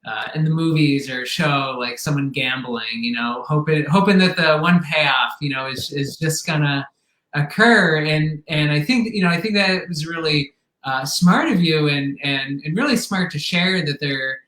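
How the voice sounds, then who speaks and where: Bright-voiced male host in roomy echo. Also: fairly high pitch, moderate pace. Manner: rambling, many fillers and restarts. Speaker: podcast host. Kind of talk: casual interview.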